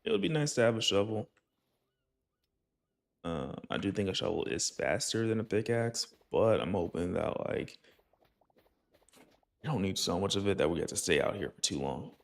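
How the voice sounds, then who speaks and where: A man's voice: sits low, expressive, normal speed, vocal fry, long pauses. A young man casually commenting on his gameplay, rambling and joking, sometimes slipping into a put-on folksy accent. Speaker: gaming channel host.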